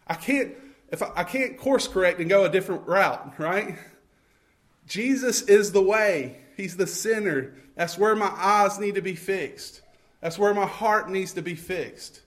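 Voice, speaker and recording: A man preaching a sermon, conversational and self-correcting, acting out scenes and building to fervent calls. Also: high voice. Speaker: pastor.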